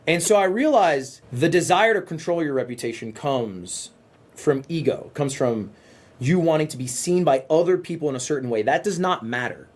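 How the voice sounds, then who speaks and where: A young man with a fairly high voice that swings up and down, talking in earnest. He muses aloud in a reflective, philosophizing way, sometimes rushing his words. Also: darkish tone. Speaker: streamer in a clip. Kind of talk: casual talk.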